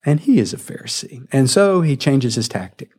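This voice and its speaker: A man's voice: mid-range voice, moderate pace, breathy edge. Male preacher, mid-range voice, vivid storyteller retelling scripture. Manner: animated storytelling, acting out the scene. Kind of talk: sermon.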